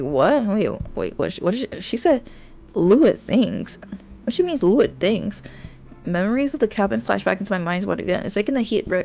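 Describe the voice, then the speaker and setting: A woman's voice: medium pitch, muffled recording. A young woman streamer reading a romance game aloud. She giggles and drifts into rambling asides. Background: game music.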